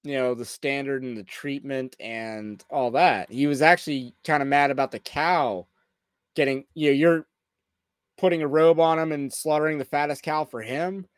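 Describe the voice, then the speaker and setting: A man's voice: medium pitch, fairly even intonation, moderate pace, clean tone, no echo, clean studio sound. A man hosting a podcast who argues with a clip point by point in critical commentary. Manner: rebuts point by point, argumentative. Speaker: podcast host.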